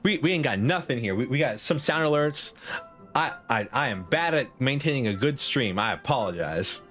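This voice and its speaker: A man's voice: medium pitch, animated, normal speed, a bit bright, faint music behind. A young man streaming a game, joking, laughing and swearing in casual, rambling commentary.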